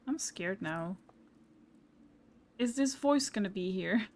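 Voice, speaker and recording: A woman's voice: mid-range voice, animated, slow. A young woman giving casual commentary while playing a game, blunt and swearing casually, often laughing at herself. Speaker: gaming streamer.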